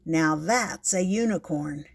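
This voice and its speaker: A woman's voice: low voice, slow pace, gravelly, husky, heavily acted. An older woman voicing a blunt, matter-of-fact little male gecko in a storybook.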